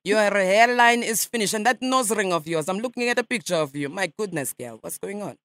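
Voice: mid-range voice, lively intonation, fairly quick, a bit bright, no room sound. A radio host on a prank call, voicing a pushy, prying fake Russian gossip journalist with a put-on Russian accent and mocking questions.

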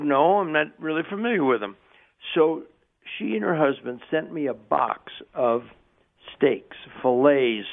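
A middle-aged man hosting a radio show, talking in a chatty, folksy way and telling jokes. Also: a little high. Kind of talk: casual radio talk. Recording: tinny phone-like radio audio.

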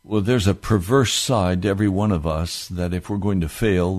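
A man's voice: deep voice, moderate pace, darkish tone. A man preaching a sermon with impassioned delivery, from the United States, rising into fervent outbursts.

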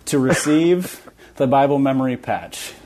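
A man's voice: medium pitch, animated, a little mellow, slight background noise. A man co-hosting a podcast in casual comedic chat, joking and riffing on bits. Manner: jokey, quick with bits and put-on voices. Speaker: podcast co-host.

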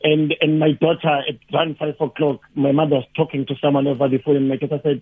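A South African man, a lecturer and activist, talking haltingly with many restarts as a radio guest. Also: fairly high pitch, level tone, breathy edge. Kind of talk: radio phone-in discussion. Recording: tinny phone line.

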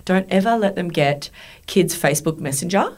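A middle-aged woman hosts a casual chat, her voice sitting on the lower side. She tells stories in a lively, animated way, swearing freely and laughing often. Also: normal speed. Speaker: podcast host.

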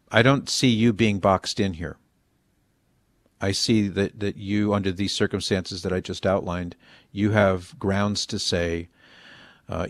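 Male host, very low voice, dry close sound, thoughtful and deliberate. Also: dry recording. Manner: measured, deliberating, frequent restarts. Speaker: host answering a caller. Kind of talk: call-in advice on faith.

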